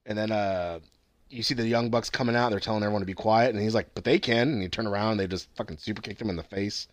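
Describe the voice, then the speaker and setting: A man's voice: on the low side, racing, no room sound. A young man chatting casually about wrestling, slangy and profane, often laughing. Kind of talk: casual wrestling chat podcast.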